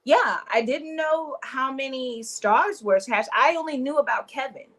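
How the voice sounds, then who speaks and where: A woman's voice: high-pitched, moderate pace, a bit bright, poor audio. A young woman from Louisiana, raised in Atlanta, chatting casually as an interview guest, telling stories with quoted asides and laughing easily.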